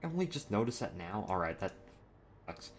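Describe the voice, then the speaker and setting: A man's voice: fairly low pitch, sing-song, fairly quick, a little hiss or hum. A man hosting a train game livestream, chatting casually in a rambling, jokey way with fillers. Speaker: livestream host. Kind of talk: casual stream chat.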